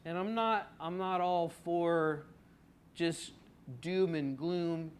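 Man, pastor, sermon, unhurried delivery, higher-pitched voice, rhetorical questions, drawn-out emphasis. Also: steady tone, a little hiss or hum. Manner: conversational, with rhetorical questions to the congregation; drawn-out emphasis on key words. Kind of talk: expository sermon.

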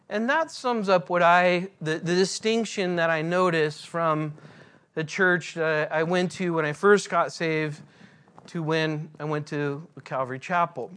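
A man preaching a sermon in a church as pastor, earnest and deliberate, drawing out his phrases. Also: a little high, fairly bright tone, clean tone.

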